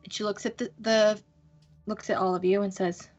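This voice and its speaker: A woman narrating a tabletop game as game master, pausing often and using many fillers. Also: medium pitch, flat delivery, darkish tone, lo-fi sound, faint music behind. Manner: hesitant, full of fillers.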